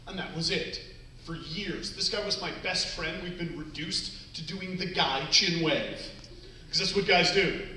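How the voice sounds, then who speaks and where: A man's voice: high-pitched, brisk, bright, forceful tone, slight background noise. A man in his forties from Canada, giving a playful, jokey talk to students on a stage and acting out little scenes. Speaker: motivational speaker. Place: large hall, on stage. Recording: echoey hall, mic from far off.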